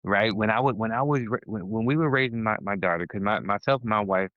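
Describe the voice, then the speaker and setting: A man's voice: on the low side, fast, no room sound. Emphatic man on a dull, dry recording. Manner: emphatic, restarts sentences, gets heated. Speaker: podcast co-host. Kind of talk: casual conversation.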